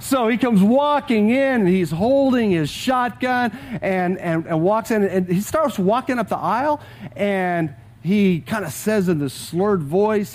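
A middle-aged male pastor delivers a sermon in a notably high voice. He tells a story to his congregation, often repeating words and chuckling as he talks. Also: measured pace, darkish tone. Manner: storytelling, with frequent word repeats; chuckles often while talking. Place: church service with a live congregation.

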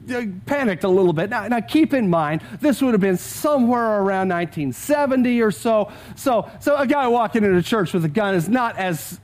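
A man's voice: sits high, darkish tone. A middle-aged man preaching a sermon to his congregation, telling a story and often repeating words and chuckling as he speaks. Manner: storytelling, with frequent word repeats; chuckles often while talking. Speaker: pastor. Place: church service with a live congregation.

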